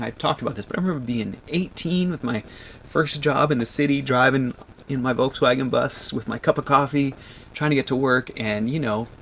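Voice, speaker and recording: Man, thirties, livestream chat, choked up, restarts a lot, middle pitch, gravelly. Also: fairly bright tone, a little hiss or hum. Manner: tearful, halting, many restarts. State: choked up, near tears. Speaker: vlogger on a livestream.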